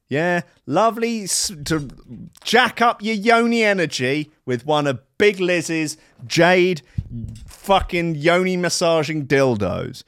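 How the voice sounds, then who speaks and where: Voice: mid-range voice, no room sound, clean studio sound. A speaker with a British accent delivering a crude, mocking comedic rant full of swearing. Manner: sweary, mocking, animated, with voices and outbursts. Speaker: comedic ranter.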